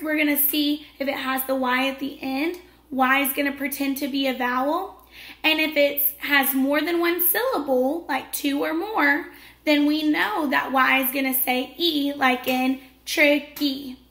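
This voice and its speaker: A young adult woman teaching a children's phonics lesson, encouraging and drawn-out, recorded in an echoey room. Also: high voice, fairly even intonation, creaky, sharp tone. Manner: encouraging, slow and drawn-out cheerful teacher talk.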